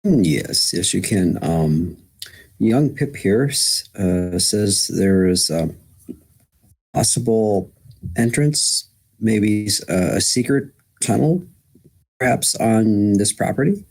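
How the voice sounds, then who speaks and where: A man's voice: lowish voice, expressive, slow, a little mellow, slightly rough, poor audio. A man playing a tabletop game who speaks in character, courteous and formal. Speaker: player. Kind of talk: in-character roleplay.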